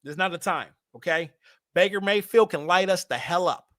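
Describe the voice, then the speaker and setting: Hyped high-voiced man hosting a fan stream. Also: moderate pace, no room sound, studio quality. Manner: animated, hyped, talks to the chat. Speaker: fan show host. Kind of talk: livestream fan talk.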